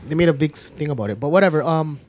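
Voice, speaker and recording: A man co-hosting a casual podcast, rambling and animated as he retells a film's story. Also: fairly high pitch, racing. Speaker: podcast co-host. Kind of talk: casual chat.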